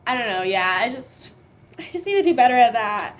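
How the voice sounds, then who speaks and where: A woman's voice: a little high, sing-song, brisk, a little hiss or hum. A young adult woman chatting casually as a podcast guest, laughing often and full of fillers. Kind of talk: casual chat.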